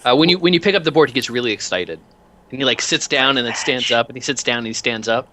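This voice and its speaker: A man narrating as game master in a tabletop game, animated and rambling with many fillers. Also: medium pitch, fast talker, slight background noise.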